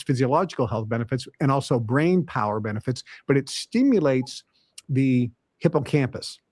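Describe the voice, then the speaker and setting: A man's voice: medium pitch, darkish tone, no room sound, studio quality. Emphatic man giving motivational talk. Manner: emphatic, lists points and repeats them. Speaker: podcast host. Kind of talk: motivational self-help talk.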